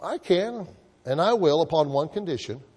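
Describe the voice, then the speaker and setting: A gracious, famous old stage actor, as a preacher puts him on, speaking up in a raised, measured way. The voice rings with a long hall reverb. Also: male voice, fairly high pitch, expressive, a little mellow, breathy edge, voice pushed up.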